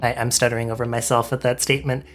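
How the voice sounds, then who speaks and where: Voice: mid-range voice, level tone, racing, faint music behind. A host in a casual interview chat who often stammers and restarts sentences.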